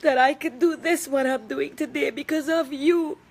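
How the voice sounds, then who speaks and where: A woman's voice: high-pitched, steady tone, moderate pace, few pauses, darkish tone. A middle-aged woman with a Trinidadian accent making an emotional personal video statement, tearful and emphatic, repeating herself for weight. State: crying at times.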